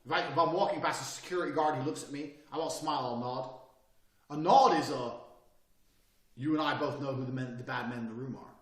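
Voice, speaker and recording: In this recorded course, the instructor comes across as cocky, boastful and foul-mouthed, speaking fairly quickly at medium pitch. The distant mic picks up plenty of room echo.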